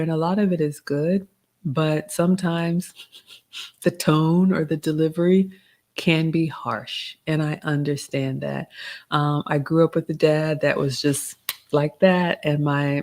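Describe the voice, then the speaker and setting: A middle-aged woman, hosting a live Q&A, reading out chat comments and giving gentle advice in a casual tone. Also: low voice. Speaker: livestream host answering chat questions.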